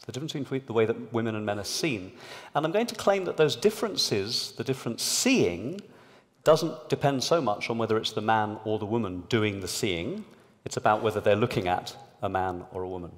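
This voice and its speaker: A man giving a public talk to a live audience in a large hall, explaining an experiment in a lively way. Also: on the low side, fairly quick. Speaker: panelist. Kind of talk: public talk at a debate event. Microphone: amplified stage microphone. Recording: long hall reverb.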